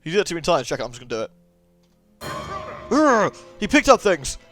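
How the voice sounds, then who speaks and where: Joking let's play commentator. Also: male voice, on the high side, big pitch swings, very fast, fairly bright tone, faint music behind. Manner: joking, sarcastic, chatty. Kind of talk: gameplay commentary.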